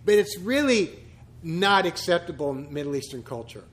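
A man's voice: a little high, sing-song, moderate pace, fairly bright tone. A man, a pastor, giving a conversational church teaching full of humorous asides and rhetorical questions.

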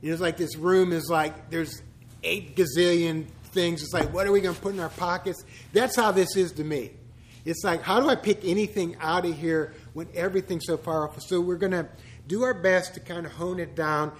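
Speaking in a notably high voice, a pastor gives a chatty church teaching laced with joking asides and rhetorical questions. He sounds like he's among friends, not preaching from on high. His tone stays steady at a moderate pace, with slight background noise.

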